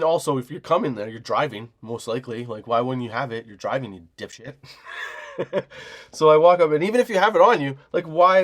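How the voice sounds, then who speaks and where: A man in his forties hosts a comedy podcast, telling a rambling, profane story about a job in a casual rant. He laughs often, mimics the people involved, and says he is high while talking.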